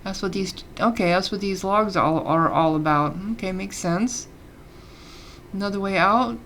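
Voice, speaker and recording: A woman's voice: medium pitch, moderate pace, a bit bright, slight background noise. A woman casually commenting on a game she is playing, chatty and reading the game text aloud between fillers. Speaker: let's play gamer.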